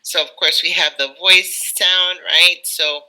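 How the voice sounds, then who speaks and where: A woman's voice: fairly low pitch, fairly even intonation, unhurried, pushed and bright, poor audio. An American woman working as an English tutor, giving encouraging tips in a live online lesson with lots of "you know" fillers. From United States. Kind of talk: live online teaching chat.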